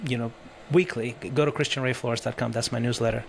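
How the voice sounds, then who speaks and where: A man of ordinary pitch chats as a podcast guest and coach. He talks eagerly and drops "like" into almost every thought. A faint hum of room sound sits behind him. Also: fairly even intonation, quick pace, vocal fry. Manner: eager, peppered with "like" fillers. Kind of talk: casual interview chat.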